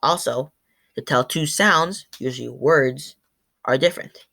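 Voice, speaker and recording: Speaking unhurriedly in an extremely low, gravelly voice with a fairly bright tone, a woman gives a class presentation as a student. She says sample words aloud to demonstrate sounds, tripping over words and correcting herself.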